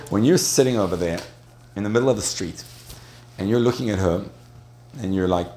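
A man with a lowish voice gives a storytelling talk to an audience. He speaks in a loose, conversational way, often stumbling and restarting. He laughs between points, and a faint hiss sits under the recording. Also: normal speed, darkish tone. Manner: chatty, with frequent restarts and laughter.

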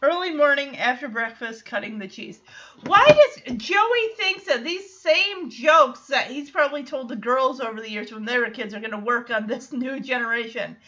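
A woman hosting a podcast, recapping an episode in a casual, animated way, acting out the characters' lines and laughing often. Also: high-pitched, normal speed, muffled recording. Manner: animated storytelling, acts out quotes, laughs often. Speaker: podcast host.

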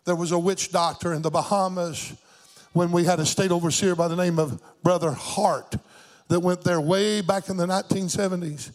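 Fervent older male preacher, high voice. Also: fairly even intonation, moderate pace. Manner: fervent, rhythmic preaching with a sing-song lilt. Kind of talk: sermon.

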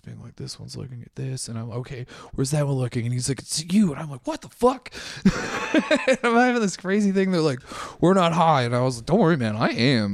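A man's voice: medium pitch, gravelly, a little mellow, no echo, clean studio sound. A man telling wild stories in casual chat as a podcast guest, laughing often and swearing as he acts out the other people. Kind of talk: casual storytelling.

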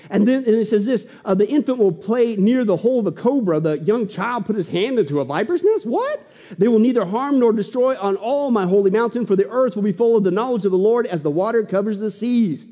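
A man preaching a sermon in an animated, emphatic way with joking asides. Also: sits high, fairly quick, long reverb tail.

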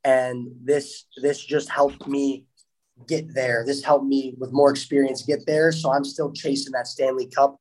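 A man's voice: medium pitch, little pitch movement, unhurried, darkish tone, rough recording. A young man, a hockey player, answering interview questions in a casual, upbeat way, laughing now and then and often repeating words.

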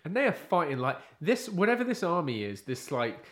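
A man's voice: a little high, big pitch swings, a little fast, a bit bright. A man co-hosting a casual chat, talking in a loose, rambling way with jokes and lots of filler words. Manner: loose, rambling, jokey, full of "like". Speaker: podcast co-host.

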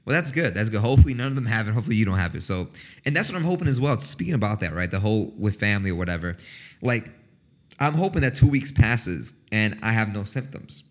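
A young man chatting casually to his viewers, rambling and swearing, often breaking into a loud high-pitched cackle. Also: lively intonation, fast. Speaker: livestream host. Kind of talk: casual chat.

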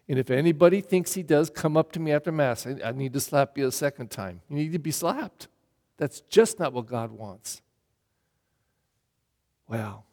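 A middle-aged male pastor gives a blunt, emphatic sermon during Mass, peppered with rhetorical questions. His voice is fairly high and a little mellow, carried by a long church reverb.

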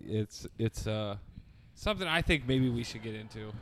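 Young man, podcast co-host, deadpan, blunt crude jokes, sudden loud bursts. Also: fairly low pitch, normal speed, slight background noise. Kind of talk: crude casual banter.

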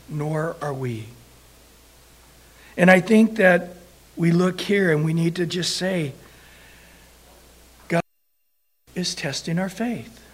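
A man with a high voice preaches a sermon. He tells the story with animated energy and briefly acts out the voices of the people in it.

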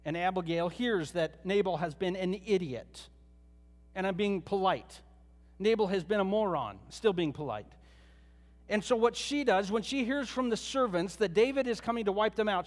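A pastor preaching a sermon, retelling a Bible story in a conversational way with joking asides. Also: male voice, high-pitched, big-room sound.

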